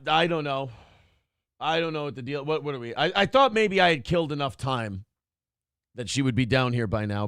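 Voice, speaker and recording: A man's voice: a little high, creaky, fairly bright tone, no echo, studio quality. A man hosting a morning show, chatting casually in a rambling, self-deprecating way and reading chat comments aloud. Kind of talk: casual live-stream chat.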